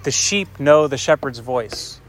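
A medium-pitched man preaches a sermon, animated but a little slow, retelling scripture in a conversational way. He swings between raised passages and soft, hushed asides, and checks in with his listeners.

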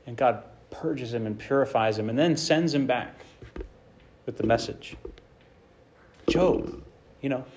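A man preaching a sermon with passion, swinging between loud bursts and hushed lines and acting out the quotes he tells. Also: mid-range voice, measured pace, long pauses.

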